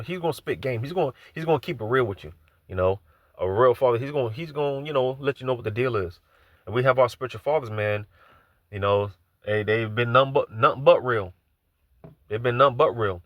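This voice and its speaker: A man's voice: medium pitch, brisk, dry recording, dull audio. A man giving an informal live sermon, loose and conversational, repeating phrases and filling gaps with asides. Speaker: preacher.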